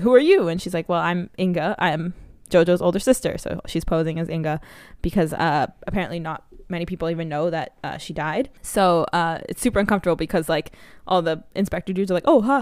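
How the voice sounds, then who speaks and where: Smooth low-voiced woman recapping a film. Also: fairly even intonation, fairly quick, hardly any pauses, no room sound. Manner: rambling plot recap with many fillers. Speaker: podcast co-host. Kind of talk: casual movie review chat.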